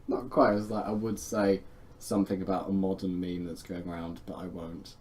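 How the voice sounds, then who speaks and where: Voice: deep voice, level tone, normal speed, a little mellow, a little hiss or hum. A speaker chatting casually, rambling and trailing off while helping a friend record. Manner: giggly, rambling, trails off mid-sentence. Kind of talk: casual chat.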